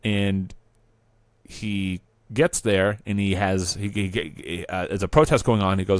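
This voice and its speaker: A man spins an improvised comic story for a podcast, rambling and swearing freely as he goes. His voice sits on the lower side, and he often cracks himself up mid-sentence. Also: steady tone, unhurried, no room sound. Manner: rambling, profane, laughing at his own jokes. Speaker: podcast host. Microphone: remote recording.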